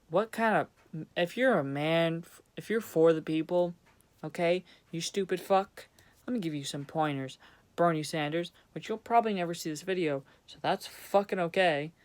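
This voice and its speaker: Young male vlogger, angry blunt rant, clean smooth tone, heavy swearing. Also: on the high side, animated, moderate pace. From Vermont, USA. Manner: profane, blunt, sarcastic. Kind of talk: angry ranting monologue.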